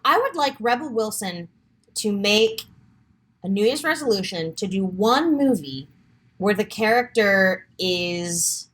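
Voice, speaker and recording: A woman's voice: mid-range voice, lively intonation, measured pace, a bit bright. A woman co-hosting a podcast, chatting casually, laughing often and rambling as she searches for words. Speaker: podcast co-host. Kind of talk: casual chat.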